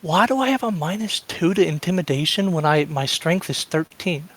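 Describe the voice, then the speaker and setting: A man's voice: on the high side, expressive, normal speed, a bit bright. A man playing a tabletop game, talking casually and offhandedly. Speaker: player. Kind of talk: casual chat.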